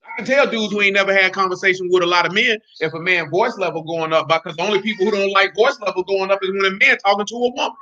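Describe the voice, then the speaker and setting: Blunt male Bible teacher, high and bright, slangy and emphatic, on a dull lo-fi recording. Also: fast, hardly any pauses.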